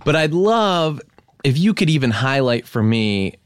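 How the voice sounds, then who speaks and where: A man with a mid-pitched voice runs a comedy podcast bit, deadpan and mock-earnest. The recording is dry and close, with no room sound. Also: a little slow, clear, resonant tone, no echo. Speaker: podcast host. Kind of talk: comedic improv chat.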